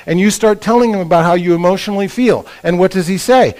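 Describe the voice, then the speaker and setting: A man's voice: sits high, expressive, quick pace, a little mellow. A man giving a casual teaching talk at a couples retreat, often checking in with "right?" and acting out what spouses say to each other. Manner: conversational, frequent "right?" and "okay?" check-ins; acts out quoted spouses in raised voices. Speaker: retreat speaker. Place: retreat conference room.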